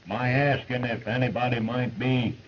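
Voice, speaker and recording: An actor playing a friendly, joking outlaw cowboy who talks in a folksy, joshing way, in 1930s film acting. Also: male voice, mid-range voice, fairly even intonation, normal speed, lightly acted. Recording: muffled old film soundtrack with hiss.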